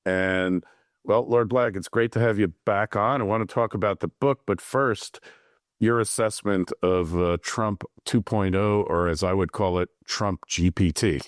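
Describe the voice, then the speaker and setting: Low, smooth-voiced male podcast host. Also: measured pace, no room sound, studio quality. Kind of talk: introducing a guest.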